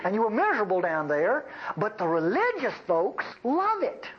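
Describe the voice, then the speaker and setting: A man's voice: sits high, huge pitch swings, moderate pace. A male preacher delivers a folksy, bantering sermon. His voice rises and falls a lot as he jokes with the congregation. The recording is dull and lo-fi, with faint noise behind.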